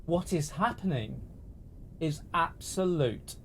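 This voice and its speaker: A man's voice: on the high side, animated, slow, a little hiss or hum. A man from the UK, talking straight to viewers on a livestream in an impassioned, sweary, repetitive rant.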